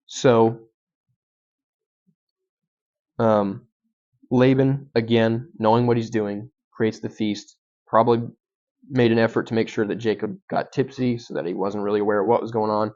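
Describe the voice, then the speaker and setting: A man's voice: lowish voice, flat delivery, moderate pace, a little mellow. Young man teaching scripture, lo-fi sound. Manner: conversational, frequent ums and restarts. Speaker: guest speaker. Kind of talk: bible teaching. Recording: dull lo-fi sound.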